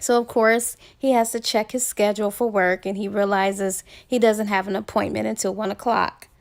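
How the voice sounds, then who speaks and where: A woman's voice: medium pitch, level tone, normal speed, gravelly. A woman casually retelling a romance novel's plot as a book reviewer, chatty and full of asides.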